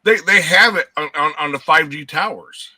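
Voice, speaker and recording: Sharp-voiced man arguing a point. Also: a little high, moderate pace, no room sound, rough recording. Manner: earnest, argumentative, repeats words. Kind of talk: casual chat.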